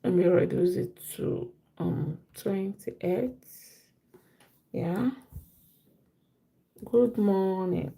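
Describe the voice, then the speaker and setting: A woman teaching a live-stream language lesson, repeating each phrase slowly for learners. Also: mid-range voice, vocal fry, mellow.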